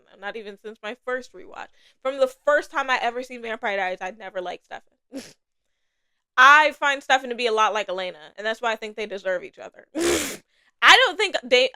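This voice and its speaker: A young adult woman hosting a casual TV review podcast, animated and swearing casually, laughing often between her thoughts. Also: mid-range voice, smooth, no echo. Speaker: podcast host.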